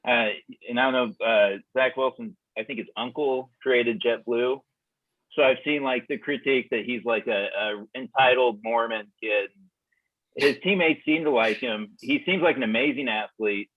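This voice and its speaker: A man on a podcast, talking football in a measured, analytical way. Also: mid-range voice, dry recording. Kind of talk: casual sports chat. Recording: tinny phone-like call line.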